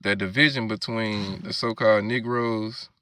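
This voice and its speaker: A man's voice: fairly low pitch, steady tone, normal speed, pushed and bright, clean tone, no room sound. A man preaching, reading scripture verses aloud and explaining them, often checking in with "all right?". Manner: keeps asking "all right?" and "you know what I'm saying".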